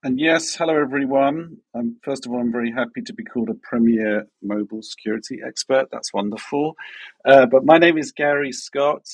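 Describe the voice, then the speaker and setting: A man's voice: medium pitch, fairly quick, slightly rough, no echo, poor audio. A man with a British accent, a security expert guest on a podcast, talking in a wry, self-deprecating way. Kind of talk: casual podcast chat.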